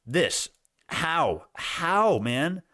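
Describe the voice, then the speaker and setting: A young man giving animated live commentary on stock prices, laughing and repeating himself, his voice worn out. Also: fairly high pitch, very slow, no echo, studio quality. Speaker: stock market streamer. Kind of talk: excited live market commentary.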